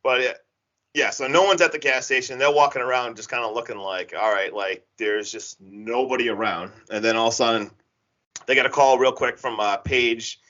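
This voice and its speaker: A man casually retelling a horror film's plot on a podcast, rambling and animated with lots of filler words. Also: medium pitch, moderate pace. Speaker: podcast co-host recapping a horror film. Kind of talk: casual chat. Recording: dull lo-fi podcast audio.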